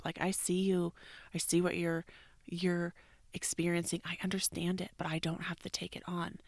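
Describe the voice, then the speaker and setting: A woman in her thirties or forties hosting a podcast, talking candidly in a casual, reflective way and dropping into soft whispered asides. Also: lowish voice, no room sound, studio quality. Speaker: podcast host, yoga teacher.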